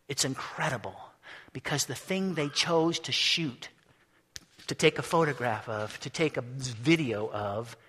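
A man preaching a sermon, telling the story with animation, acting out voices and shouting at its peaks. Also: on the high side.

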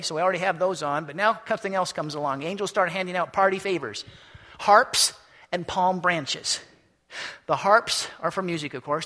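High-voiced preacher in an echoey hall. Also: male voice. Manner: animated, acts out scenes in voices. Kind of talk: storytelling sermon. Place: church or hall.

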